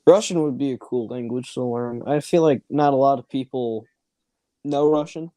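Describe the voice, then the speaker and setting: A man's voice: mid-range voice, normal speed, warm tone, no room sound. A man hosting a casual watch-along, rambling and laughing as he comments on a movie. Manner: rambling, laughs often, trails off. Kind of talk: casual chat over a movie.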